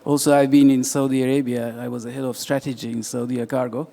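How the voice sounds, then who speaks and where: A man's voice: medium pitch, flat delivery, fast, vocal fry, dark tone. An older man introducing himself on a conference panel as an aviation consultant, earnest as he lists his background.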